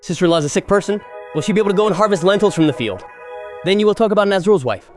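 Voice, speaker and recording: An actor playing the elder brother who heads a rural family, arguing and scolding in a family drama. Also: male voice, high voice, animated, racing, soft background music. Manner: scolding, argumentative. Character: stern man heading a rural family household. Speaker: elder brother and head of the household. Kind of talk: village family drama acting.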